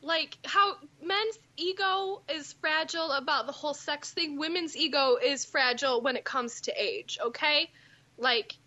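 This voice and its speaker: A woman's voice: sits high, measured pace, sharp tone, dull audio. A woman in her twenties chatting casually, telling stories with sarcasm and plenty of swearing. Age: 20s. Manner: profane, sarcastic storytelling. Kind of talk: casual chat.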